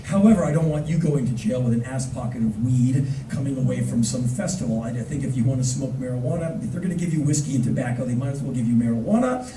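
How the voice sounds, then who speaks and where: A man telling funny stories live on stage, lively and loud at times, acting out other people's voices. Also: mid-range voice, quick pace, few pauses. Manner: animated, acts out voices, loud bursts. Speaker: spoken word performer. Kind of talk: live spoken word storytelling. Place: theater stage before an audience. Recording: roomy, distant audience recording with noise. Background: audience laughter.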